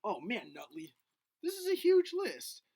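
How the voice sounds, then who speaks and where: A man teaching a video lesson to first graders in a gentle, patient, coaxing way. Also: extremely high pitch, wildly swooping pitch, unhurried, gravelly, no echo. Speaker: elementary school teacher.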